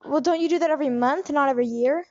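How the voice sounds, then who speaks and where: A woman's voice: high voice, racing, a little mellow, dull audio. A woman hosting a comedy improv interview, asking one puzzled question after another. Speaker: host.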